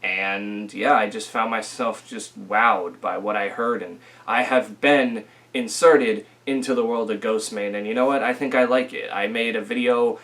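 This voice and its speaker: A young man giving a casual, rambling album review, full of fillers and restarts, a little rough from a recent illness. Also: fairly low pitch, fairly even intonation, measured pace, few pauses, fairly bright tone. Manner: rambling, filler-heavy, self-correcting. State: recovering from illness, occasional coughing.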